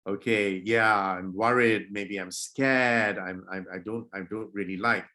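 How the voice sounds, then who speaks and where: A man leading an online public speaking workshop for children over a video call, acting out greetings to show different moods and gently scolding kids who disrupt. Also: on the low side, fairly even intonation, measured pace. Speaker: workshop presenter.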